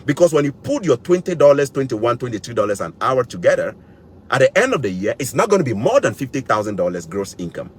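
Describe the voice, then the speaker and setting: A man's voice: mid-range voice, sing-song, quick pace, slightly rough. A man lecturing his viewers in a vlog, emphatic and repetitive, speaking to them directly. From West Africa. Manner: emphatic, repeats points, addresses viewers directly. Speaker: vlogger. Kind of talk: lecturing to camera. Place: living in Canada.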